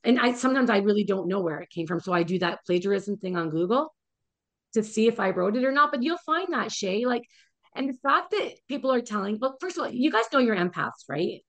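A woman wellness coach speaking as a podcast guest in a relaxed, conversational way. She gives frank, encouraging advice and swears casually now and then. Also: medium pitch, a little fast.

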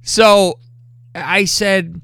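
A man's voice: high-pitched, drawn-out words, creaky, no echo, clean studio sound. A man hosting a podcast, telling crude stories with constant swearing. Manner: profane, animated and full of swearing. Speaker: podcast host. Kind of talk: crude storytelling.

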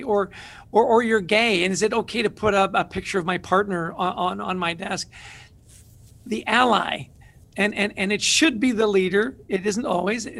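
A man's voice: high voice, gravelly. A man who is a guest author, telling stories with energy in an interview conversation. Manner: energetic, animated storyteller.

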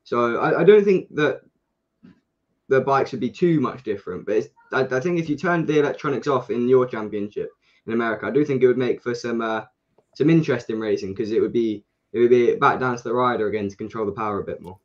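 A young man speaks with a Kent English accent in a relaxed podcast chat. He explains things at length, restarting sentences and leaning on fillers. His voice comes over a dull, lo-fi connection at an ordinary middle pitch. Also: fast talker. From England, Kent. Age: young adult. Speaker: guest, junior supersport racer.

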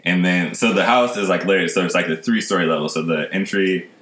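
A man with a raspy voice talking casually as a podcast guest, rambling with lots of fillers. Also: fairly even intonation, brisk, fairly bright tone, echoey room. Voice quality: low raspy voice. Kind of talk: casual chat. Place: kitchen.

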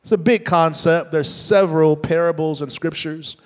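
A man's voice: on the high side, normal speed, in a large hall. A male pastor preaching a sermon, with an earnest, explanatory manner that repeats key points.

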